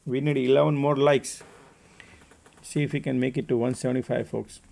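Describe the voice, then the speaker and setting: Gravelly man streaming live market talk. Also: medium pitch, level tone, normal speed, darkish tone. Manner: casual, chatty, talks to viewers by name. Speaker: trading stream host.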